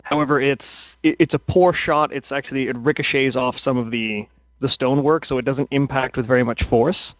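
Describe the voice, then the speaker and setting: A man's voice: medium pitch, steady tone, moderate pace, no echo. Hesitant man narrating as game master. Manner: hesitant, with many restarts.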